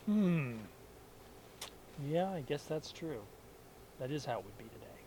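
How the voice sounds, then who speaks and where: A man's voice: fairly high pitch, animated, unhurried, warm tone, a little hiss or hum, rough recording. A man in casual conversation who laughs often and gives short dry replies. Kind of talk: casual chat.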